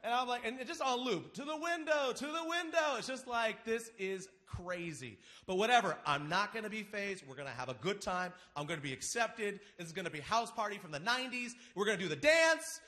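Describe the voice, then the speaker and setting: A man with a lively, high-pitched voice tells a funny story live on a big theater stage. He is animated and acts out his friends' lines, and his voice swings up and down as he builds to each joke. He speaks into a stage microphone. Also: a little fast, hardly any pauses. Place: large theater stage before an audience.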